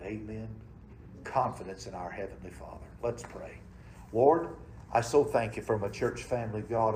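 Male preacher, folksy, dramatic swings in loudness, church sanctuary, echoey room, faint background ambience. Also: mid-range voice, slight background noise. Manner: folksy, dramatic, sweeping from loud emphasis to hushed tones. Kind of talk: sermon. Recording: roomy church sound.

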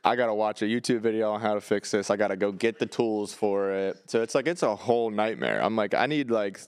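A man's voice: fairly low pitch, animated, brisk, no room sound. A man co-hosting a podcast, chatting casually in a joking, self-deprecating way. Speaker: podcast co-host.

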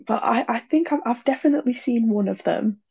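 A woman chats as a podcast guest, giggling and hesitating with plenty of ums. Her voice is husky with a gravelly edge. The recording sounds dull and lo-fi. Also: fairly high pitch, brisk. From Yorkshire, England. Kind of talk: casual chat.

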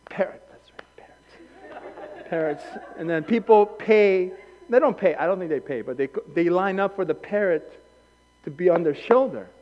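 A male pastor preaching a sermon in an animated way, acting out voices and wandering into anecdotes with self-corrections. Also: high-pitched, moderate pace, in a large hall, highs cut off. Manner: animated, acts out quoted voices. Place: church hall.

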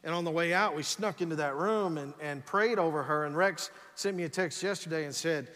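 High-voiced preacher in a reverberant hall. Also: male voice, a little fast. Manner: energetic preaching with frequent "come on" and repeated restarts. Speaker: pastor. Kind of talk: sermon. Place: church sanctuary. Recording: long reverb of a large church hall.

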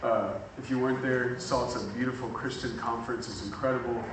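A man preaching a sermon, telling a story and acting out the people in it, building to excited shouting. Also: mid-range voice, fairly quick, roomy sound, recorded from a distance, background noise. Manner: builds from calm to shouting excitement, acts out dialogue. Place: church hall with congregation.

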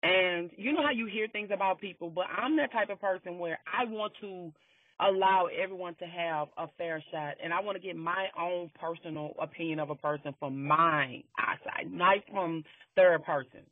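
High-voiced husky man, phone-like sound. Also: moderate pace, no echo. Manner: emphatic, repeats phrases, swears freely. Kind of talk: casual storytelling chat. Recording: tinny phone-like line.

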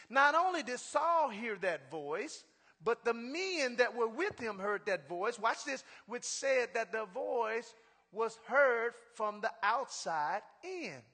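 A middle-aged man preaching in a very high, bright voice that rings with a long reverb through a large hall. He reads scripture with rising emphasis and keeps calling out to the congregation for responses. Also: slow. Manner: animated, call-and-response with congregation. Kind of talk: sermon.

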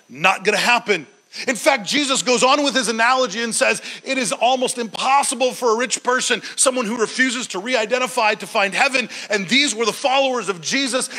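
Male preacher, high and bright voice, animated sermon storytelling. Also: rough recording. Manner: animated storytelling, acting out quoted lines; occasional stumbles and restarts.

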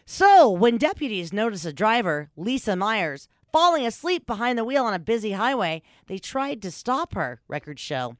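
A woman hosting a podcast, telling stories in casual chat with a lot of swearing, big swings in pitch and frequent laughter. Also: big pitch swings, normal speed, hardly any pauses, no room sound, studio quality. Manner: storytelling, reads news aloud with commentary. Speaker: podcast host.

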